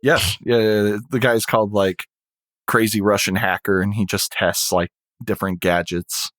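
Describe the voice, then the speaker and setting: A man's voice: lowish voice, steady tone, moderate pace, fairly bright tone, dry recording. Laid-back rambling male podcaster. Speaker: podcast co-host. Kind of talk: casual chat.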